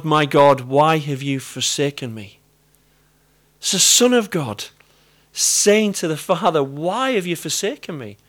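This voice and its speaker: A man's voice: fairly high pitch, a bit bright. A middle-aged British man with a British accent, preaching a sermon in an earnest, conversational way and repeating key phrases. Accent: British English. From Britain.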